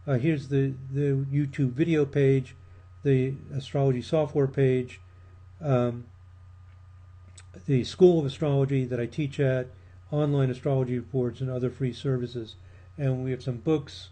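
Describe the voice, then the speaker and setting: A man giving a measured recorded lecture on research practice, pausing with frequent ums and small restarts, his voice a little strained. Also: mid-range voice, fairly even intonation, dark tone. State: losing his voice.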